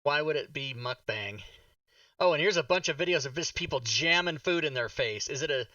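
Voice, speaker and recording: A man's voice: a little high, lively intonation, fairly quick, recorded from a distance, muffled recording, a crowd in the background. A man hosting a casual live stream, blunt and profane, joking with his co-host. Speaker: streamer and dungeon master.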